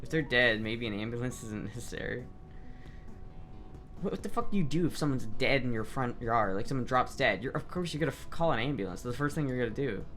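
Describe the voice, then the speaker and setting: A young man livestreaming, chatting casually and reading chat aloud in a loose, profane, animated way. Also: medium pitch, a little fast. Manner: loose, profane, animated, with frequent restarts and laughs. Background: faint background music.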